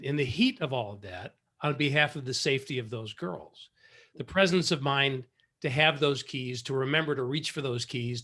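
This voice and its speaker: A man hosting a podcast, speaking in a measured, thoughtful way and choosing his words carefully. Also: mid-range voice, a bit bright. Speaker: podcast host. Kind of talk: interview conversation.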